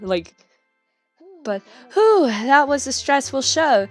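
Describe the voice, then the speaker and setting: A woman hosting a casual gameplay commentary, chatty and excitable in her reactions. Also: sits high, slow, soft background music. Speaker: gaming channel host.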